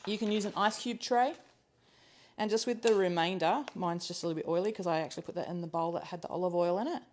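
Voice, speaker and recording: A woman's voice: fast talker, darkish tone, slight background noise. A woman hosting a live cooking class from her kitchen, talking casually as she works, thinking aloud with ums and laughing easily. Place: home kitchen. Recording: low-quality livestream audio.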